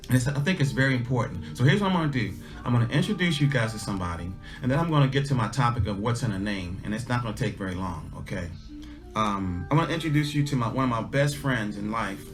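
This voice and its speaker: A man, telling a personal story in an earnest, conversational way with many restarts. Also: fairly low pitch. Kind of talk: casual storytelling talk.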